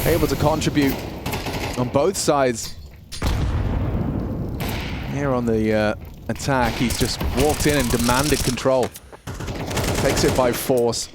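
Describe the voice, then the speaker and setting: An excitable man with a London accent calls the action of an esports match, his voice leaping up on big plays. Gunfire from the game comes through clearly under his commentary. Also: mid-range voice, heavy background noise. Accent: London English. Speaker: esports caster. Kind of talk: play-by-play commentary. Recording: game gunfire audible behind. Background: game sound effects, gunfire.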